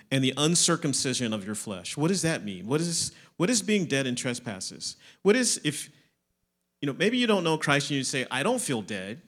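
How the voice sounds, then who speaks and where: A man preaching a sermon, explaining scripture, asking questions and answering them himself, moving between emphatic lines and quieter ones. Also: mid-range voice. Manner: explanatory, asks and answers his own questions.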